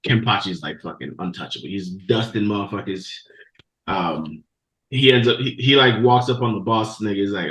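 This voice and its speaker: Man, low voice, casual profane storytelling, podcast host, roomy echo. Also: brisk. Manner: profane, animated storytelling with laughs and quoted voices. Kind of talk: casual recap of an anime episode. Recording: echoey room.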